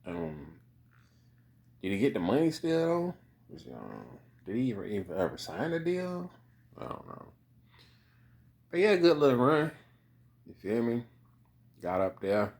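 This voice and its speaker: A man's voice: medium pitch, big pitch swings, a little slow, creaky, long pauses, darkish tone. A man giving a rambling, casual commentary monologue, full of profanity and repeated "you know what I mean" asides.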